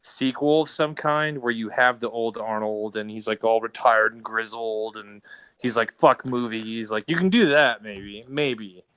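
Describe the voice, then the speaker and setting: A man's voice: lowish voice, unhurried, a bit bright, clean tone, no echo, poor audio. A man co-hosting a podcast, joking around in casual banter. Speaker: podcast co-host.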